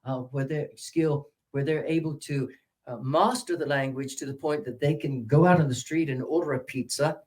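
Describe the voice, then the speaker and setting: An older American man teaching English pronunciation, drawing out example words and swinging between loud and soft. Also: medium pitch, normal speed.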